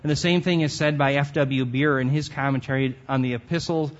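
A man teaching scripture in an earnest, explanatory sermon voice, leaning on key words as he works through a passage. His pitch sits in an ordinary middle range. The recording is dull and lo-fi. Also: steady tone, fairly quick. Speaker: Bible teacher. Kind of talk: expository sermon.

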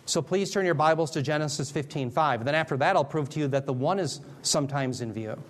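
A man delivers a teaching sermon with a somewhat higher-than-average voice. He explains each point patiently and casually, dropping in light jokes and frequent checks that the listeners are following. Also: a little fast. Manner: conversational, jokey asides, checks in with "Okay?". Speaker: Bible teacher.

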